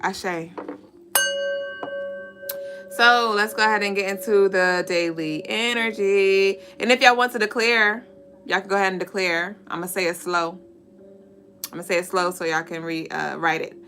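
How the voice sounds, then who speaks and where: A woman's voice: medium pitch, fairly even intonation, normal speed, pauses often, pushed and bright, soft background music. A woman hosting a live-stream spiritual reading, speaking to her viewers directly with repeated affirmations. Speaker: spiritual reader and host.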